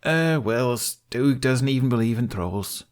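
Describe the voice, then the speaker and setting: A man's voice: mid-range voice, animated, unhurried, voice pushed up, lightly acted. A man reading fan fiction aloud, voicing a jovial older blacksmith in a hearty, cheerful way.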